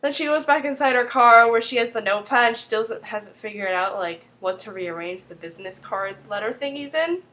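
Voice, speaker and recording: A woman's voice: fairly high pitch, expressive, a little fast, few pauses, bright, forceful tone, slight background noise. Chatty young woman, full of "like"s. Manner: chatty, fills with 'like' constantly. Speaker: vlogger recapping a TV episode. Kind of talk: casual recap vlog.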